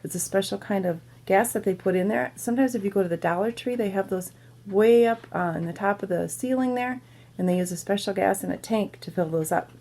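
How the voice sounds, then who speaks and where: A woman teacher reads a children's novel aloud to her class in an even, mid-pitched voice. She stops now and then to explain things and ask the listeners questions. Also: fairly quick. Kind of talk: reading a children's book aloud to students.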